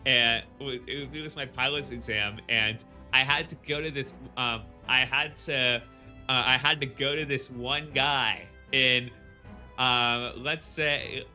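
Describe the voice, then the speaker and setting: A man's voice: mid-range voice, bright, forceful tone. A man streaming a game, chatting casually and rambling with lots of restarts and laughs. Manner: rambling, full of fillers and restarts, laughing often.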